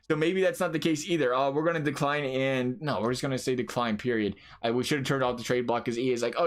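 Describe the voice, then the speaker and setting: A man giving casual gameplay commentary, chatty and often asking his viewers questions directly. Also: medium pitch. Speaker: video game commentator.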